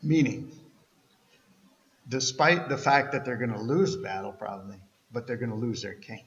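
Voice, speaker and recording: Male pastor, earnest conversational sermon, mid-pitched, long church reverb. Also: moderate pace, a bit bright. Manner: earnest, conversational preaching with restarts. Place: church sanctuary. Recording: echoey church hall, slightly dull.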